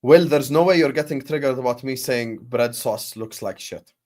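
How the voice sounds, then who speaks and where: A man hosting a football watchalong stream, bantering with chat and breaking into loud bursts when the match heats up. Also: medium pitch, moderate pace, no echo, clean studio sound. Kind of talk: casual live-stream chat with match commentary.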